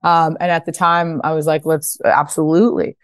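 A woman in her thirties with a notably low voice tells stories on a podcast. She talks casually, drops the odd swear, and lifts into high voices to act out quotes. The sound is close and dry. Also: little pitch movement, moderate pace, clear, resonant tone, dry recording. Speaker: guest, fashion brand founder. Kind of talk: casual interview storytelling.

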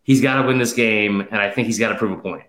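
A man's voice: fairly low pitch, fairly even intonation, fairly bright tone, echoey room. A man hosting a casual sports betting chat, rattling off stats emphatically, slightly out of breath. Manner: rapid stat-heavy, emphatic, with fillers. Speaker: podcast host.

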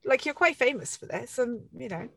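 A woman's voice: a little high, expressive, brisk, creaky, a crowd in the background. A woman co-hosting a podcast, chatting in an enthusiastic, encouraging way and swearing freely. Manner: enthusiastic, swears freely, cheering the other host on. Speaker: podcast co-host. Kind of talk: casual chat.

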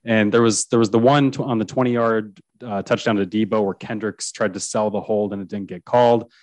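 A man's voice: lowish voice, steady tone, fairly quick, a little mellow, no echo. A man who is a sports reporter, chatting casually about football as a guest, with frequent restarts and chuckles.

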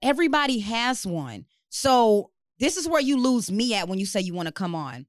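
A young adult woman co-hosting a podcast, chatting casually and swearing freely, quick to laugh. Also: fairly high pitch, big pitch swings, dry recording, clean studio sound. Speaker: podcast co-host.

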